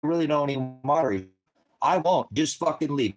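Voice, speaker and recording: A man's voice: medium pitch, expressive, fairly quick, faint music behind. A man hosting a ministry livestream, angrily and profanely berating commenters in his chat while lecturing on scripture. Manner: angry, profane, combative; heckling and lecturing.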